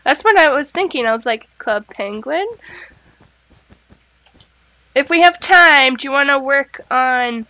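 High bright giggly woman gamer. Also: moderate pace, few pauses, dry recording, low-quality recording. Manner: excitable and giggly, exclaims at the game. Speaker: gaming channel host. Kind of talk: casual gameplay chat.

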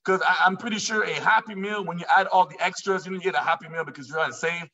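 A man hosting a live sales presentation, pitching playfully and joking with his audience, often acting out what they might say. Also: fast, bright, forceful tone. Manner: playful, joking, quotes imagined listeners. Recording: distant, dull lo-fi sound.

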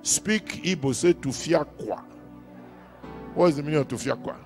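Soft music plays behind a Nigerian-accented pastor whose voice is a bit high and darkish in tone, at normal speed. Preaching emphatically in church, he repeats important lines and calls on the congregation to answer.

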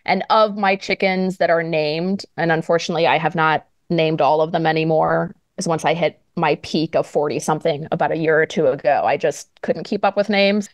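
Guest author, woman, lower voice, chatty and giggly, close dry mic. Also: fairly even intonation, fairly quick, few pauses, dry recording. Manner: chatty, laughs often, lots of "like". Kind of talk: casual podcast chat.

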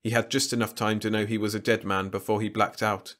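A man narrating a science-fiction story aloud in an even, measured storytelling voice. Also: fairly low pitch. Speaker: audiobook narrator.

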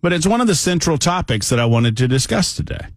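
A man's voice: on the high side, very animated, fast talker, no echo, studio quality. A man hosting a political talk radio show, speaking in a conversational, emphatic monologue that often wanders off on tangents.

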